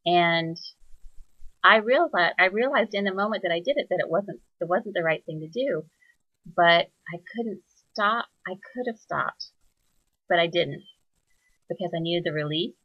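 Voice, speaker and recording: A woman hosting a reflective spoken monologue, soft-spoken and searching, pausing often with fillers as she thinks aloud. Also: fairly low pitch, lively intonation, dry recording, dull audio. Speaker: spiritual teacher.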